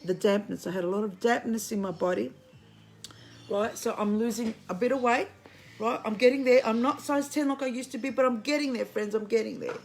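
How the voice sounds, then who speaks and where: Blunt, swearing woman with a gravelly voice. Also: on the high side, brisk, darkish tone, slight background noise. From Greek heritage, living in Australia. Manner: blunt, swearing, preachy, addresses viewers as friends. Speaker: online spiritual commentator. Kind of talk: casual livestream monologue. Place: at home. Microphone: phone.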